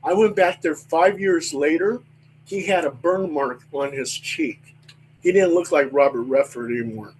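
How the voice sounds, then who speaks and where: An older man telling stories from his working life in a casual chat, animated and swearing freely. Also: on the high side, moderate pace, a little hiss or hum, rough recording. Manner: animated storyteller, swears freely, acts out voices.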